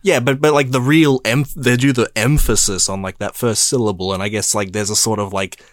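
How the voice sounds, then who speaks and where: Polish guy on a film podcast, halting, lots of ums, dry close audio. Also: lowish voice, fairly even intonation, dry recording. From Poland. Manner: hesitant, many fillers and restarts. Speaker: podcast co-host. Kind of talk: casual film discussion.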